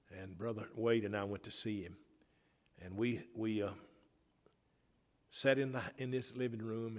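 A man preaching a Baptist sermon, moving between loud fervent calls and quiet, tender storytelling. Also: lowish voice. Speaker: pastor. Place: church sanctuary. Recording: long reverb in a church hall.

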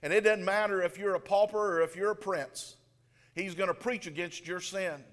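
A man with a high voice preaches a sermon, telling a story and voicing its people in turn. His words ring out with a long reverb, as if filling a large church. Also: moderate pace, a bit bright.

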